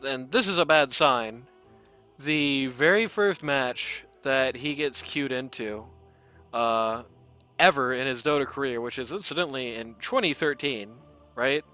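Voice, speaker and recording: Man, stream host, bright voice, playful, casual post-game talk. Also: mid-range voice, measured pace, soft background music. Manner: playful, reads stats aloud.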